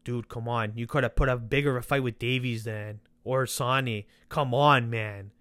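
A man hosting a football podcast, ranting sarcastically and swearing as he talks to the players directly, his voice worn from yelling. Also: medium pitch, fairly even intonation, normal speed, dry recording. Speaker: podcast host. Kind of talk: casual football rant.

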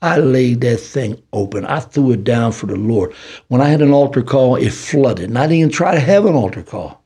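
An older man with a Southern US city accent, telling his life story as a podcast guest in a preacherly, animated way. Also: mid-range voice, normal speed, slightly rough. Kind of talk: storytelling testimony.

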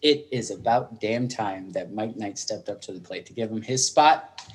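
A man's voice: fairly low pitch, moderate pace. A man hosting a podcast in casual chat, joking and laughing easily. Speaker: podcast host.

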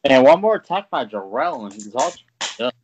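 A man acting as game master, calling for rolls and giving quick rulings. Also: medium pitch, sing-song, a little mellow. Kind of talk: running a tabletop game. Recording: background noise.

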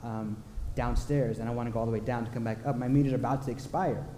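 A pastor quoting a stranded man, apologetic and a little rushed. The voice is mellow and dark. It rings through a large reverberant hall. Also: medium pitch, fairly even intonation, slight background noise, voice pushed down, lightly acted. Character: adult man stranded without his wallet.

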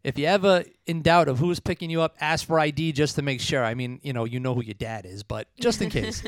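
Clear-voiced man retelling a movie plot. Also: on the high side, lively intonation, a little fast, no room sound. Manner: chatty plot retelling with frequent laughs. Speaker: podcast host. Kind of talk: casual movie review chat.

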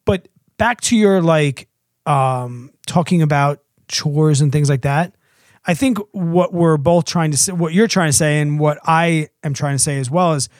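A man in his thirties co-hosting a relaxed podcast, chatty and fond of mimicking a toddler in a squeaky voice. His voice sits a little high, and the sound is close and dry with no room around it. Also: a little slow, no room sound. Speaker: podcast co-host. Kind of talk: casual podcast chat.

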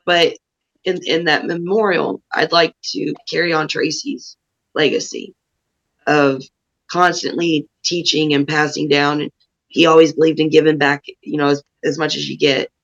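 A woman pro wrestler appears as a guest on a podcast, talking earnestly and thoughtfully in a casual way. Her audio is muffled and lo-fi, with the highs cut off. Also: flat delivery, normal speed. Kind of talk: casual interview talk.

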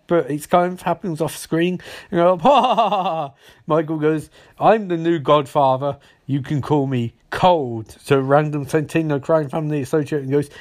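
Male podcast host, slightly high voice, loose rambling recap with bursts of put-on character voices. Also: a little mellow. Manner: rambling, acts out characters' lines in quick voices. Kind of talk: casual episode recap.

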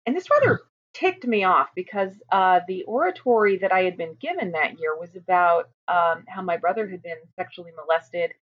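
A woman in her fifties from Utah, earnestly telling her own story as an interview guest, emphatic and often restarting her sentences. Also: lowish voice. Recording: muffled lo-fi audio.

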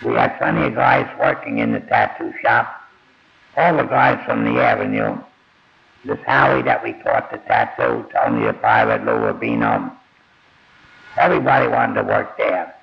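An older man with a gravelly bass voice tells his own life story in first person, blunt and plain-spoken, swearing casually. His pitch swings widely while his pace stays normal. The audio is dull and lo-fi.

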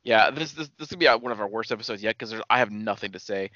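A man's voice: fairly low pitch, quick pace, bright, forceful tone, no echo, muffled recording. A man co-hosting a casual podcast, laid-back and profane, reading out episode titles and stumbling over the pronunciation. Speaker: podcast co-host.

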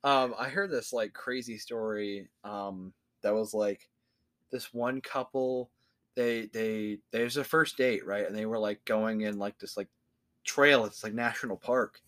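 A man's voice: fairly low pitch, fairly even intonation, measured pace, a bit bright. A man hosting a podcast, ranting casually with constant swearing and acting out the voices of the people he quotes. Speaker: podcast host. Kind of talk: casual profane rant.

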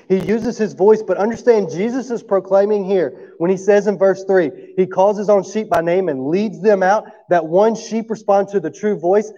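In a church sanctuary, a man with a high, dark voice gives a sermon in a casual, conversational manner, frequently adding "right?" for the congregation. Coughs interrupt him now and then, and the recording has a dull sound and long hall reverb.

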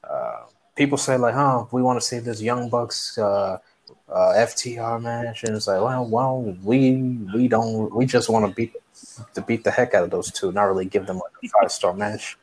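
Low-voiced, hesitant man. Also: normal speed, poor audio. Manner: hesitant, many fillers. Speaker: podcast co-host. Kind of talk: casual chat.

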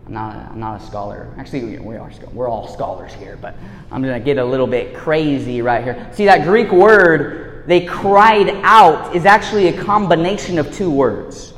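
A man giving a casual sermon, laid-back and slangy, swinging between hushed and loud. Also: medium pitch, moderate pace. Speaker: preacher. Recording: echoey hall reverb.

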